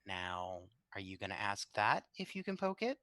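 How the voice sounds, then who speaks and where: Woman playing a soft-spoken coaxing man, low and bright, dry sound. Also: sing-song, moderate pace, no room sound, heavily acted. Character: gentle jewelry-jangling older male Palmier.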